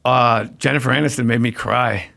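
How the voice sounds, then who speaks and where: A man with a gravelly, fry-tinged voice chats casually as a podcast guest. He tells animated stories, acting out what others said and laughing through his lines. His pitch sits in an ordinary middle range. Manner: animated storyteller acting out quotes; quick asides, laughs while talking. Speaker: guest actor.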